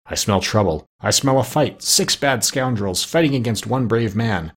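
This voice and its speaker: A man voicing a male dog who growls and mumbles in a low voice. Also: animated, moderate pace. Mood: growling.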